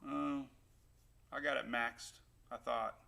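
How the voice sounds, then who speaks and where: A man's voice: mid-range voice, fairly even intonation, takes it slowly, vocal fry, sharp tone. A man hosting a casual weather livestream, rambling and upbeat as he chats with viewers. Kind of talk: casual live-stream chat. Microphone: new desktop microphone.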